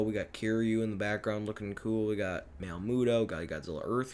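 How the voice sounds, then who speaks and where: A man's voice: lowish voice, a little hiss or hum. A man giving a rambling, self-deprecating director's commentary on his own fan series, often unsure of himself.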